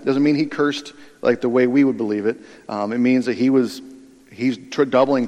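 A male pastor giving a sermon, conversational and animated, with asides to the congregation. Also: mid-range voice. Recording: long reverb of a large hall.

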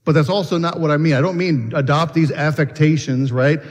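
A man's voice: fairly high pitch, a little fast, hardly any pauses, slightly rough. Pastor guy preaching, earnest, keeps asking questions, lots of hall reverb. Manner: earnest, repeats and restarts phrases, asks many questions. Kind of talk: sermon. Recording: long reverb of a church hall.

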